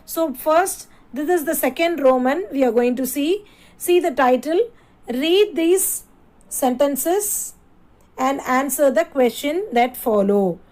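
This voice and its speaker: A woman teacher talks slowly and patiently, spelling each word letter by letter and repeating it several times. Her voice sits high for a woman. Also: lively intonation, darkish tone, rough recording. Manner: slow, repeats and spells words aloud. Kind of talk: classroom lesson.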